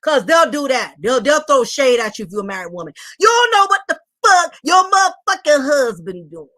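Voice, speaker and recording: A woman voicing a loud, furious single mother who shouts, curses and repeats herself while ranting defensively. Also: high voice, very animated, a little fast, exaggerated voice. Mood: angry ranting. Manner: shouting, cursing, repetitive ranting. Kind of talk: comedic rant impression.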